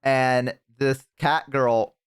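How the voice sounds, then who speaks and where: A man streaming and telling a story casually to his chat, swearing often and bursting into loud laughter. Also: medium pitch, fairly even intonation, extremely slow, slight background noise. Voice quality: profane, laughs hard and loud. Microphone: headset.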